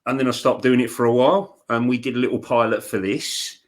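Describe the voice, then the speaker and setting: A man's voice: medium pitch, brisk. A man co-hosting a paranormal live stream, chatting bluntly and informally with many fillers and restarts. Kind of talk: casual chat.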